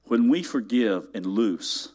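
A man preaching a sermon, slow and deliberate in places, with sudden rising emphasis on key words. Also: fairly low pitch, animated, a little mellow. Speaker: pastor.

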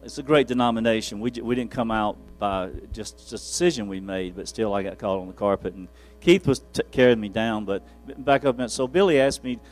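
A man's voice: on the low side, brisk, few pauses, a little mellow, faint music behind. A man preaching as a pastor, telling rambling, self-deprecating stories from the pulpit with frequent chuckles. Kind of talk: folksy storytelling from the pulpit.

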